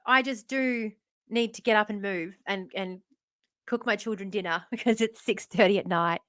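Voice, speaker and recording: A woman's voice: medium pitch, normal speed, a bit bright, no echo, clean studio sound. A woman, live streaming in casual chat, losing her voice, chatty and self-mocking, swearing freely. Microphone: phone.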